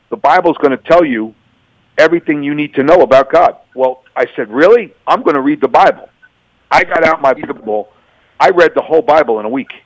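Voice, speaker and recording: As a radio interview guest, a middle-aged man from New York delivers his testimony, narrating his story while acting out both parties in the dialogue. His voice is a little high, and the poor-quality audio has no echo.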